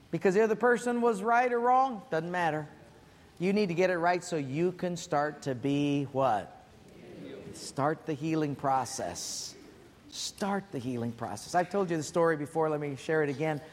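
A man preaching a sermon, telling an animated story from the pulpit with many fillers. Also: on the high side. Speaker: pastor. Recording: long hall reverb, faint ambience.

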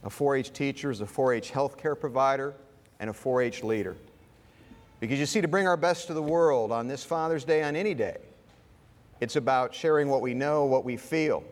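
A man's voice: mid-range voice, moderate pace. A man giving a Father's Day sermon, earnest and storytelling. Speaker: guest speaker. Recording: reverberant hall.

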